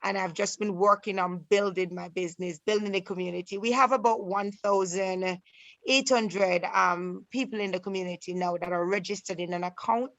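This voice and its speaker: A woman's voice: medium pitch, steady tone, no room sound. A middle-aged woman with a Jamaican accent, chatting on a video call and often stopping to restart her sentences. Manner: halting, many restarts and fillers. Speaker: participant. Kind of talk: casual video call chat.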